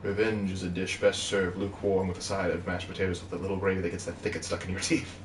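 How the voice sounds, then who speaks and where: A man's voice: deep voice, flat delivery, fast talker. A man co-hosting a game stream, reading out viewer questions and adding dry jokes. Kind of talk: casual gameplay chat. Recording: roomy, distant mic with faint noise.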